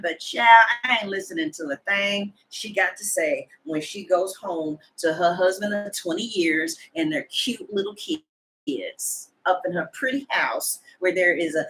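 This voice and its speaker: Chatty blunt woman with a bright voice. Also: mid-range voice, poor audio. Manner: chatty, gossipy and blunt, with slang and swearing. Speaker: tarot reader. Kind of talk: casual chat to camera.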